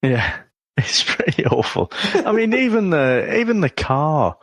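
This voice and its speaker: A man chats about an old film in a relaxed way, his pitch rising and falling a lot. He chuckles often, and the recording is close and dry. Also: unhurried, no room sound. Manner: amused, chuckling, thoughtful. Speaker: podcast co-host. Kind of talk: casual film review chat.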